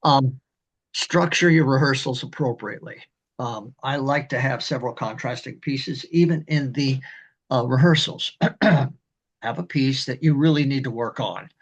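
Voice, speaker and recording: An older man, a community band director, explaining conducting in a rambling, halting way and singing rhythms. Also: medium pitch. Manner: rambling, halting, with many fillers and sung rhythms. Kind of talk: instructional talk on conducting.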